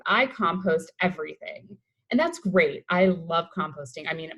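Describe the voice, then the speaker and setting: Over a video call, a Colorado waste-reduction educator gives a webinar presentation in a mid-range voice. She is upbeat and conversational, clearly enthusiastic about her subject, though the recording is rough.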